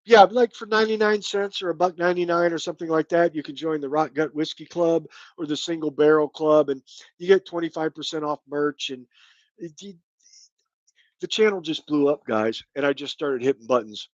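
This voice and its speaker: A middle-aged man from Kentucky, his speech carrying a light Kentucky accent, hosts a casual live stream and rambles in a folksy way. His voice sits a touch high for a man. The sound is dry and a little dull, like a home stream. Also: a little fast, dry recording. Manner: rambling, folksy, thanks viewers by name. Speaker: channel host.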